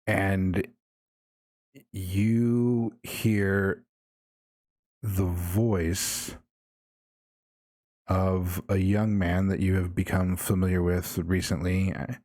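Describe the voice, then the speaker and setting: A man with a very low voice guides players through a horror tabletop game. He speaks slowly and deliberately, letting repeated lines hang. The sound is dry and close. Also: level tone, a little mellow, dry recording. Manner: slow, measured narration with repeated refrains. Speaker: game master.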